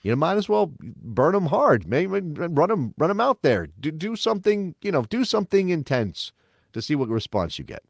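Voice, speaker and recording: Give me an animated male podcast co-host with a dry studio sound, arguing his point emphatically. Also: on the high side, moderate pace, gravelly, dry recording. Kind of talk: casual sports chat.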